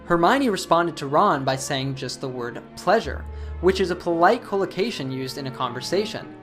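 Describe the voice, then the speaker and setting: A woman narrating a scripted English lesson, explaining phrases clearly. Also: low voice, expressive, moderate pace, over music. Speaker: English teacher.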